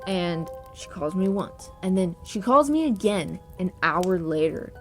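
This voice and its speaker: A young adult woman with a lowish voice and lively intonation tells a spooky story about herself a little slowly, cursing freely and laughing in a chatty social-media manner. Faint eerie piano music plays underneath.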